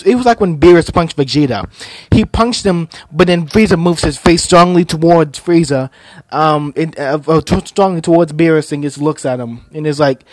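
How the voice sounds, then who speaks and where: A young man retells an anime plot in a loose, casual way, and his voice sits a little high for a man. He stumbles through restarts and fillers as he goes. The sound is close and dry. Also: no echo. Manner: hesitant, many fillers and restarts. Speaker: anime reviewer.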